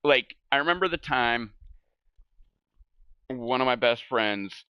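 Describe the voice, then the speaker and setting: A man's voice: mid-range voice, animated, slow, clean tone, no room sound, highs cut off. A middle-aged man streaming a game from home, rambling through casual chat with swearing and laughing at his own stories. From United States. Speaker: gaming streamer. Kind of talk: casual chat while gaming. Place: home gaming setup.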